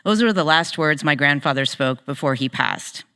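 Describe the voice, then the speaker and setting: A woman's voice: sits low, lively intonation, bright, forceful tone, smooth, long reverb tail. A woman panelist speaking thoughtfully on a faith panel. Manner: thoughtful, chants Sanskrit prayer slowly. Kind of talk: panel talk with chanting.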